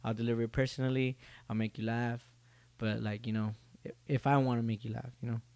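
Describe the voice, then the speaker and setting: A man's voice: mid-range voice, flat delivery, fast, darkish tone, dry recording. Young man, solo podcast host, casual profane rambling, jokey, dry recording.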